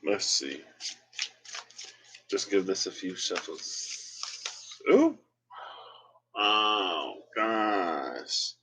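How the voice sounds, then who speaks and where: A man with a low voice gives a casual tarot reading on his own. He talks slowly and rambles, thinking aloud as he works through the cards. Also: lively intonation, sharp tone, breathy edge, low-quality recording. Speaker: tarot reader.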